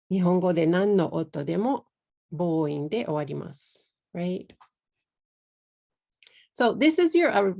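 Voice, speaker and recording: A Texan woman gives an English pronunciation lesson at a very unhurried pace. Her voice sits a bit low and has a gravelly edge. She repeats each word with care and mixes in simple Japanese words. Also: darkish tone. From Texas. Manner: drills words slowly and repeats them clearly. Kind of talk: slow, deliberate pronunciation lesson.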